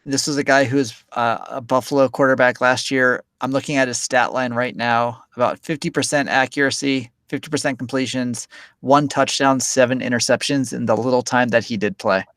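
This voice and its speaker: A man with a medium voice co-hosts a football podcast. He asks questions at an even, steady pace and drops dry remarks, recorded close with a dry sound. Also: mid-range voice, brisk, no echo. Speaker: sports podcast co-host. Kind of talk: casual football talk.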